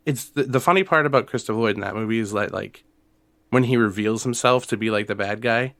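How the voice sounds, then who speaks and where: A young man co-hosting a casual podcast chat, animated and quick to laugh, retelling films with energy. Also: no room sound. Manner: animated, laughs often, breaks into high squeaky impressions. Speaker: podcast co-host.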